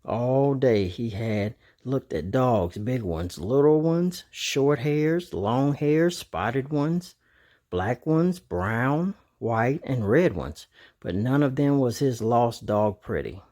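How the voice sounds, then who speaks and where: A man narrating a children's storybook aloud in an animated, expressive way. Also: medium pitch, slow.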